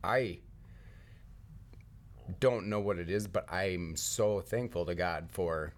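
A young man joking around on a casual podcast with his brothers, talking haltingly. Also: low voice. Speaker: podcast co-host.

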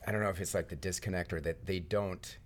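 A young man joking around on a casual podcast with his brothers, talking haltingly. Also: sits low, fairly even intonation, slight background noise. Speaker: podcast co-host.

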